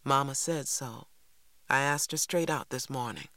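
A man voicing a serious older boy in a storybook, calm and secretive, speaking quietly and steadily. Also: mid-range voice, unhurried, dry recording.

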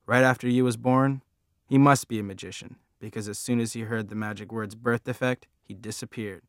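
A man voicing a loud, crude middle-aged woman who taunts and pries. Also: mid-range voice, steady tone, fairly quick, no room sound, studio quality, natural voice. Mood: mocking. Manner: taunting, coarse, nosy.

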